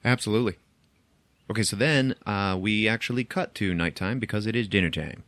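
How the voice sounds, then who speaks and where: A man's voice: fairly low pitch, fairly quick, fairly bright tone, no room sound. A man hosting a podcast, recapping a film plot in casual chat, chatty and profane, laughing at his own jokes, on a close microphone.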